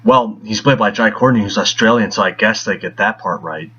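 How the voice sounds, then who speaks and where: A man's voice: lowish voice, a little fast, a bit bright. A man reading a scripted film review in a sarcastic, mocking tone. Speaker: movie reviewer. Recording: dull lo-fi voice.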